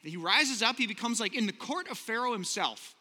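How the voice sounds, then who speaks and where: A man preaching a sermon, retelling scripture casually and slowing down for emphasis. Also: sits high, lively intonation, bright, forceful tone, long reverb tail. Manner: casual storytelling, switching to slow emphatic delivery. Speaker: pastor.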